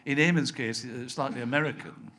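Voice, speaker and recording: An older man from Scotland with a softened Scottish accent, a TV writer telling anecdotes as an interview guest and acting out the voices of people he quotes. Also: medium pitch, brisk. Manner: chatty storyteller, acts out quoted voices, laughs often.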